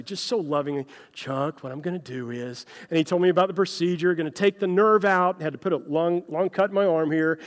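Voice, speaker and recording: A man's voice: high-pitched, long reverb tail. A man preaching a conversational sermon as pastor, telling stories in a folksy way and speaking straight to his listeners. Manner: folksy storytelling, addresses listeners as "guys".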